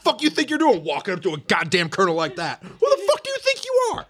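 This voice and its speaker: A man's voice: high-pitched, wildly swooping pitch, fast, fairly bright tone, breathy edge, pitched above the performer's own voice, heavily acted. A man voicing a furious military officer who screams profanity at a private during a tabletop game. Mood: screaming rage. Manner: screaming nonstop profanity, drill-sergeant style. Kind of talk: tabletop role-play in character.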